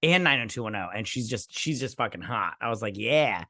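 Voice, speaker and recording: A man's voice: fairly low pitch, lively intonation, fast, pushed and bright, dry recording. A man co-hosting a drinking movie review show, rambling and swearing as he acts out scenes in raised voices. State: drinking while talking. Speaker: podcast co-host. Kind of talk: casual movie review chat.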